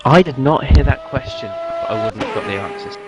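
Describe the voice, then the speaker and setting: A man's voice: mid-range voice, lively intonation, brisk, music in the background, rough recording. A man co-hosting a live sim race broadcast, trading dry, joking banter with the others. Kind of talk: casual live broadcast chat.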